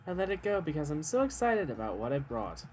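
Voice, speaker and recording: A man's voice: fairly high pitch, big pitch swings, fairly quick, a little mellow, faint music behind. A man co-streaming a game, reading its text aloud and trading giggly, playful teasing with his partner. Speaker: let's play co-streamer. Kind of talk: casual gaming banter and reading game text.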